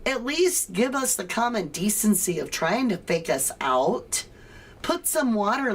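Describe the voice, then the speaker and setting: A woman's voice: mid-range voice, expressive, a little slow. A woman hosting a livestream, reading viewer comments and ranting sarcastically. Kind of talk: casual chat.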